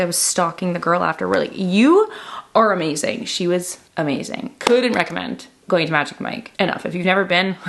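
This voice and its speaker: Chatty young canadian woman vlogging, lots of oh my gosh, voice kinda hoarse and gravelly. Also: lowish voice. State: voice worn from screaming. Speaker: beauty vlogger. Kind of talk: casual chat to camera.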